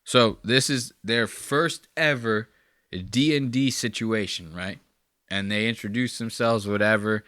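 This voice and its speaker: A man's voice: fairly low pitch, unhurried, a bit bright, smooth, dry recording, clean studio sound. A man hosting a podcast, giving casual reaction commentary in a profane, mocking way. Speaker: podcast host.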